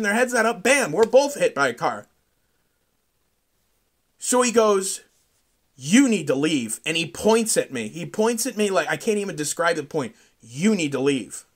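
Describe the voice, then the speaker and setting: A man hosting a solo podcast, telling a profane, rambling story that climbs into loud outbursts. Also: high-pitched. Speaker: podcast host.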